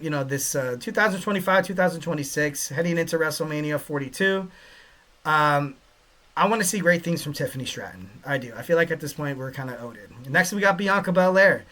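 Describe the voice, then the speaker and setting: Guy rambling thru his podcast, kinda high bright voice, lots of "you know"s. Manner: rambling, joking, lots of fillers. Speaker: podcast host. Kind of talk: casual commentary.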